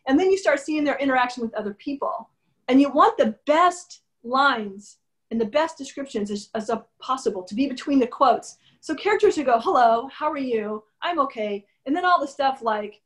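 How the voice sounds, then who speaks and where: Female author guest, higher-pitched, chatty and animated, acts out dialogue. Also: a little fast. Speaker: novelist being interviewed. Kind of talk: conversational interview answers.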